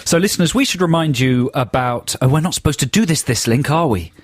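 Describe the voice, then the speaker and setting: A man's voice: fairly high pitch, expressive, fairly quick. A British man co-hosting a radio show, chatting in a wry, musing way. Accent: British English. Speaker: radio co-host. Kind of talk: casual radio chat. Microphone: studio microphone.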